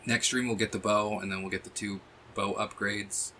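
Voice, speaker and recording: Man, streamer, casual gameplay chatter, lowish voice, swears a lot. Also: level tone, moderate pace, pushed and bright, slight background noise. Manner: chatty, swears freely, thinks aloud. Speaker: streamer playing a video game.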